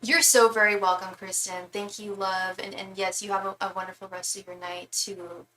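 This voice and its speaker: Bright-voiced chatty woman tarot reader. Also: mid-range voice, level tone, normal speed. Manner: chatty, calls viewers love and darling. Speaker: tarot reader on a live stream. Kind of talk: casual live-stream chat.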